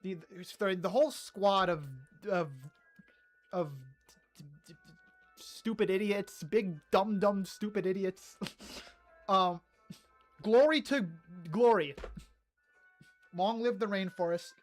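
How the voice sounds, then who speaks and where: Streamer answering chat live, excitable and ranting, trips over words constantly, mid-range voice, soft music underneath. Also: medium pitch, slow, pauses often. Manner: excitable ranting with many stammered restarts. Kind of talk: casual livestream chat reading comments.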